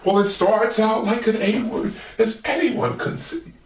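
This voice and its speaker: Big simple yellow bird, way up high, sing-song, roomy far-off mic. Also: male voice, measured pace. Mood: wondering.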